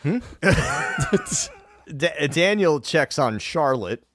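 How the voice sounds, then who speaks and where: Podcast host guy, lively up and down voice, keeps laughing, dry close mic. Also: on the high side, drawn-out words, dry recording. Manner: animated, laughs often, does goofy character voices. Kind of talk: casual recap chat.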